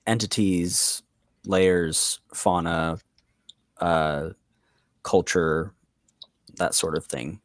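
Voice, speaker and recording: A man narrating as game master for a tabletop game, unhurried and full of fillers. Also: low-pitched, steady tone, no room sound, studio quality.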